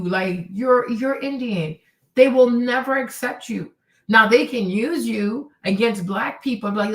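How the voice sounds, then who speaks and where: Woman, streamer host, ranting, sarcastic, profane, slightly high voice, echoey room, a bit off-mic. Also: unhurried, fairly bright tone, distant mic. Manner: heated, sarcastic, profane, mimics others in quotes. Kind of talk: casual ranting commentary.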